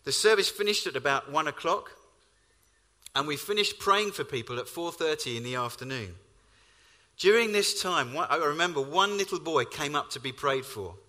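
A man preaches a sermon, his fairly high, bright voice lifting with emphasis on key lines. His storytelling rings out with the long reverb of a hall.

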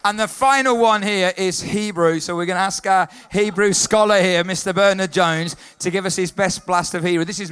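A man leading a lively church talk, calling out to the congregation and getting them to answer back. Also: high-pitched, normal speed, few pauses, clean tone. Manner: upbeat, leads the congregation in call-and-response. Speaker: children's worker leading a church service.

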